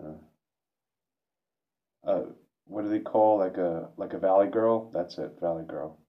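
A man's voice: low-pitched, takes it slowly. A man vlogging a reflective monologue, hesitant and self-questioning, with frequent restarts. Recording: dull lo-fi recording.

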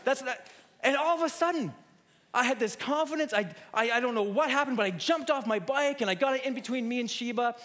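Male preacher, higher voice, lively storytelling sermon, restarts often. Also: quick pace. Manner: animated storyteller, many restarts.

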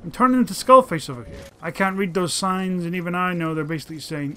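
Brief: high-pitched male let's-player, excitable, swears a lot, chatty play-by-play. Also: fast talker. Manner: excitable, profane, talks to his dog companion. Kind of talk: casual gameplay commentary.

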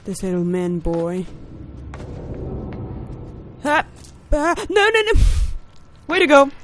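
Excitable woman narrating a game playthrough. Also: sits high, slow, a little hiss or hum. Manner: excitable, talks to the game character, yells in panic. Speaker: gaming video host. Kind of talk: let's play commentary.

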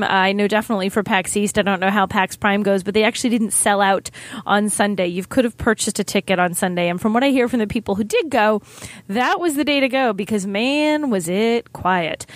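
A middle-aged woman hosts her podcast segment in a chatty, upbeat manner. Her voice sits at a middle pitch, recorded close and dry. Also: no room sound. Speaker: segment host.

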